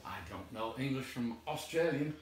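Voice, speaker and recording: A man's voice: mid-range voice, animated, normal speed, slight background noise. A man hosting a casual live chat, playful and teasing, with theatrical mock complaints. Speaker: tiny home builder and show host. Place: large warehouse. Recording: echoey warehouse, far from mic.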